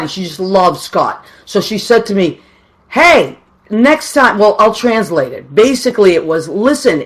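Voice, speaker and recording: A woman hosting a radio show alone, chatting and greeting listeners by name. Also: mid-range voice. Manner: chatty and affectionate, greets people warmly. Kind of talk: live radio chat, reading out listeners.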